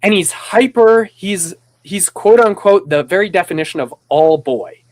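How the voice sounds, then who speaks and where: High-voiced man, animated storyteller. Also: normal speed. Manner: rambling with restarts. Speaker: podcast host. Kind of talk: casual conversation.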